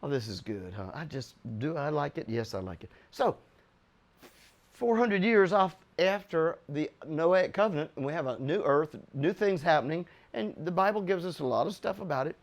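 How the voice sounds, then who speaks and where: An older American man teaching the Bible in an excitable, chuckling way, with sudden loud bursts for emphasis. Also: fairly high pitch, normal speed.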